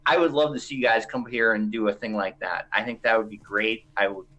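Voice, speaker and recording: A man's voice: fairly low pitch, fairly even intonation, a little fast, a bit bright, lo-fi sound. A man around forty from Massachusetts with a Boston accent, talking politely and a bit hesitantly in a casual chat. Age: 40s. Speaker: viewer calling in.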